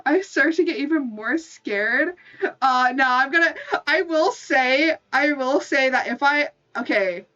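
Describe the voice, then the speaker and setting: A woman's voice: high voice, measured pace, bright, forceful tone. A woman streamer chatting casually with her viewers, giggling often and filling her talk with "like". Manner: giggly, full of "like" fillers. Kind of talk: casual livestream chat. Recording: distant dull mic with faint music.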